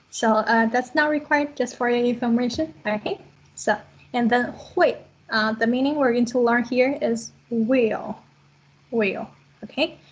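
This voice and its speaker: A woman's voice: a little high, husky, dull audio. A woman teaching a language class online, explaining patiently step by step over a video call.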